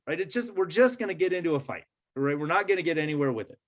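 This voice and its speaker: A man presents to a room of educators in a loose, conversational way. His voice sits a little on the high side. He keeps checking in with listeners as he goes. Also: animated, quick pace. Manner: conversational, many fillers and "right?" check-ins. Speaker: trainer leading a teacher workshop.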